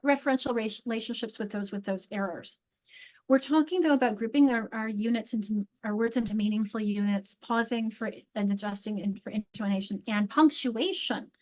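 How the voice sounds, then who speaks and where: A woman leading an online teacher training, chatting through her slides with frequent restarts and slow read-aloud examples. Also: fairly high pitch. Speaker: literacy trainer.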